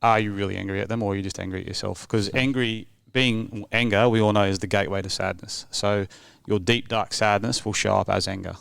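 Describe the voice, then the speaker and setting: A man's voice: lowish voice, steady tone, brisk, gravelly, few pauses, fairly bright tone, clean tone, no echo, studio quality. A man in his thirties, a guest on a casual podcast, explaining earnestly and asking probing questions. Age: 30s. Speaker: podcast guest, men's work facilitator.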